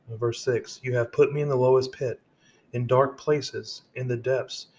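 The host of a devotional podcast speaks a little slowly in a steady, mid-range voice with a darkish tone. After reading scripture aloud, he puts it into his own casual words, with many restarts along the way.

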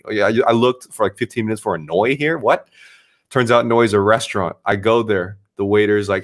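Man, streamer, low voice, animated storyteller, casual chat, swears. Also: fairly quick.

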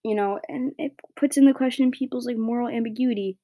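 Teen girl podcaster, blunt rambling rant, warm voice, dry close sound. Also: on the high side, fairly quick, no room sound. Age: teens. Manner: blunt, rambling, heavy filler words. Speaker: podcast host. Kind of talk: solo opinion rant.

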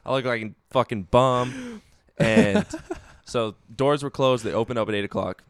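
A man's voice: mid-range voice, moderate pace, vocal fry, dry recording. A young man telling a rowdy story in casual podcast chat, swearing a lot and acting out what people said. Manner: animated storyteller, swears a lot, acts out quotes.

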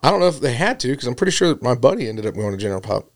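A man's voice: mid-range voice, sing-song, very fast. A man in a casual chat, reflective and easygoing as he shares his experiences.

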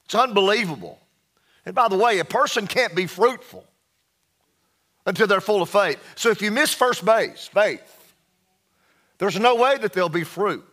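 A man preaching a sermon as pastor, emphatic, reading scripture slowly and dropping his voice low for emphasis. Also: lively intonation, fairly bright tone. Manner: slow, emphatic preaching with dramatic drops in pitch and volume; reads scripture slowly and deliberately.

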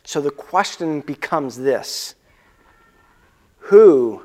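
A male pastor with a high, expressive voice preaches conversationally. He questions the audience and slows down to lean on key words.

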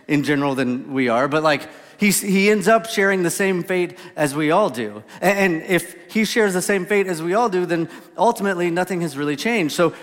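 Man, pastor, casual sermon, asks the crowd questions, long hall echo. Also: high voice. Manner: relaxed, lots of "like" and restarts, asks the audience questions. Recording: reverberant hall.

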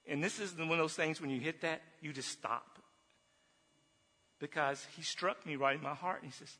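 A man giving an earnest personal testimony to a group, telling his story haltingly with restarts. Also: a little high, bright, forceful tone. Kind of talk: personal testimony talk with slides. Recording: long reverb of a hall.

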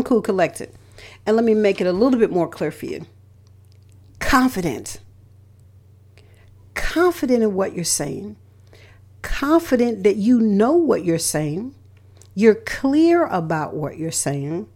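A woman's voice: mid-range voice, darkish tone. Emphatic woman hosting a motivational talk. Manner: emphatic and repetitive, stressing key words with lists. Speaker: radio host and relationship counselor.

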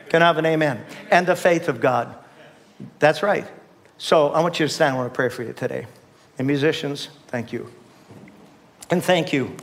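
A man's voice: a little high, moderate pace, creaky, long pauses, fairly bright tone. An older man preaching a sermon as pastor, emphatic and repetitive, often calling on the congregation to respond. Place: church sanctuary.

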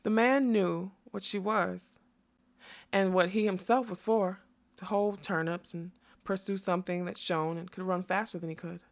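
Soft-spoken woman reading a story. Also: mid-range voice, steady tone, normal speed. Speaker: narrator. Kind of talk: audiobook narration.

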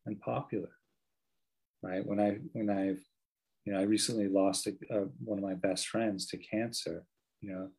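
Husky-voiced male meditation teacher. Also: lowish voice, a little mellow, low-quality recording. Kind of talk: meditation talk with storytelling.

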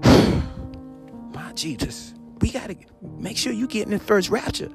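Man, preacher, sermon, fervent, repeats phrases, frequent hallelujahs, fairly high voice, faint music behind. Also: animated, slow, creaky. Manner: swings between loud calls and low murmurs. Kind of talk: sermon on scripture.

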